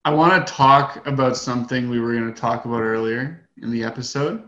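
A man co-hosting a podcast in casual chat, explaining in a relaxed way with a few restarts. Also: mid-range voice, fairly quick, echoey room, highs cut off. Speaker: podcast co-host.

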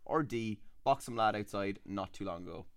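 A woman from Laois with an Irish accent, hosting a podcast and loudly reading out joking quiz questions. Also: rumbling low, normal speed, smooth. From Laois, Ireland. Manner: loud, joking, reads quiz options. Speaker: podcast host. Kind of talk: casual quiz chat.

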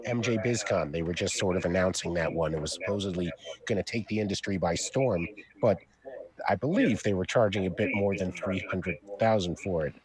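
A man's voice: low-pitched, crowd noise. A man co-hosting a casual podcast, wry and conspiratorial, swearing and spinning long joking theories. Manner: wry, conspiratorial, swears, tells drawn-out jokes. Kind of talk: casual chat.

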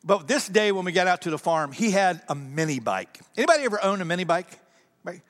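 A man preaching, telling a personal story in an animated way, often repeating words and speaking straight to his audience. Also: high-pitched, quick pace. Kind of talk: sermon storytelling. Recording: reverberant hall.

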